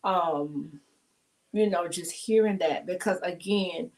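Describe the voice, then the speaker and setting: A woman's voice: lowish voice, takes it slowly, darkish tone. A middle-aged woman hosting an emotional panel talk, speaking in an earnest, heartfelt, rambling way over a video call. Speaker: talk show host.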